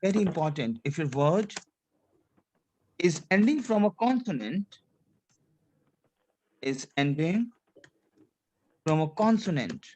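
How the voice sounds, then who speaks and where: A man's voice: fairly high pitch, sing-song, takes it slowly, long pauses, darkish tone, slight background noise. Man teaching French pronunciation. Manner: repetitive, drilling the student, frequent checks for understanding. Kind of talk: classroom lesson.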